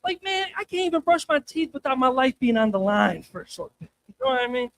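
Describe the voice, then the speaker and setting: A man's voice: very high-pitched, big pitch swings, quick pace, vocal fry, fairly bright tone. A male stand-up comedian at an open mic night, rambling and crude, tossing in "man" constantly, on a handheld stage mic.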